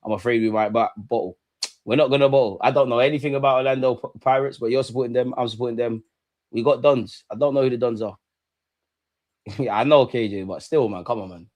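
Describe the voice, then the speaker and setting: An excitable young man hosts a live football watch-along. He banters with his viewers in street slang, swears freely and laughs between remarks. His voice sits at an ordinary middle pitch for a man. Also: fast.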